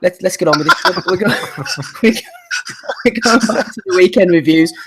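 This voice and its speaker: A man's voice: high voice, moderate pace, heavy background noise. A man hosting a live boxing podcast, reading listener questions and steering the chat in a wry, exasperated way. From Glasgow, Scotland. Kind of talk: casual live podcast banter.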